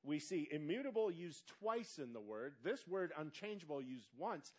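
A male pastor preaching a sermon, asking the congregation quick questions and stretching out words for emphasis. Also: a little high. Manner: animated preaching with call-and-response questions to the congregation.

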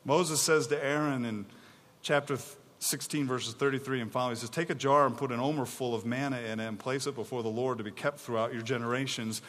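A man preaching a sermon, reading scripture and acting out the people's complaints with animated, mock-exasperated energy. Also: medium pitch, brisk, in a large hall. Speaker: pastor.

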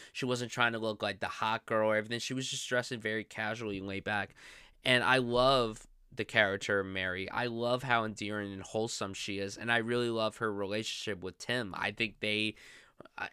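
A man's voice: fairly low pitch, pushed and bright, smooth, no room sound, studio quality. A young man hosting a film podcast, chatting casually and gushing with enthusiasm about movies he loves. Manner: gushing, enthusiastic, lots of "I love". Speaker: podcast host.

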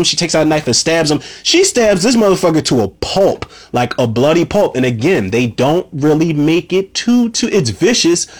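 A man casually recapping a movie scene by scene, rambling and swearing freely, with lots of "you know" and "man". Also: on the high side. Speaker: movie reviewer.

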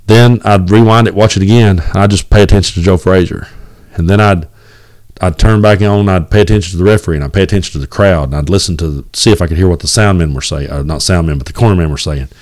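A deep-voiced man in his forties with an East Tennessee drawl, talking into a home mic at his kitchen table. He rambles along in a folksy way and cusses freely. The sound is close and dry. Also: quick pace, darkish tone, no echo. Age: 40s. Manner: rambling and folksy, with many fillers and cussing. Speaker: podcast host. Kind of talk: casual solo podcast monologue. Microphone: home recording setup.

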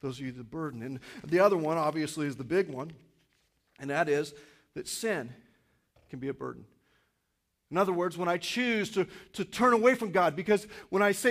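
A man in his fifties preaching a sermon in a church, animated, acting out inner voices and swinging from loud to quiet. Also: high voice, brisk, vocal fry. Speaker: pastor.

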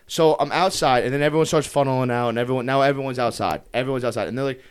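A man's voice: medium pitch, racing, clean tone. A young man telling a story in casual podcast chat, heated and profane, swearing constantly as he talks.

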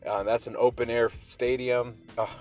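A man's voice: mid-range voice, level tone, moderate pace, darkish tone, faint music behind. Upbeat man hosting a morning podcast. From Pacific Northwest. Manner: upbeat, rambling, motivational. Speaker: podcast host. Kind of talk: casual morning podcast monologue.

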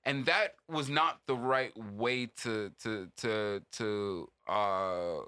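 A man's voice: on the low side, takes it slowly, bright, forceful tone, clean tone. A man co-hosting a casual podcast discussion, emphatic and swearing freely as he lectures. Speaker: podcast co-host.

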